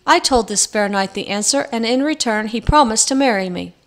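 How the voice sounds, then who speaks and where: Woman putting on a croaking old forest crone. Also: fairly high pitch, expressive, fairly quick. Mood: wheedling. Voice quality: crackly, croaking.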